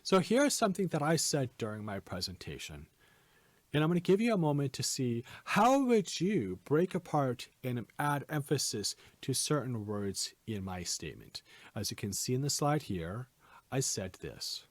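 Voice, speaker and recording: A man hosting a podcast lesson, giving presentation tips in a clear, emphatic, teacherly way. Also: mid-range voice, sing-song, normal speed, no room sound.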